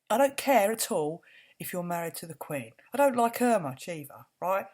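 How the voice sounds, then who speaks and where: Husky woman ranting angrily. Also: lowish voice, sing-song, moderate pace, darkish tone. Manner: swearing, indignant ranting, repeats words for emphasis. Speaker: vlogger. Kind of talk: angry rant to camera.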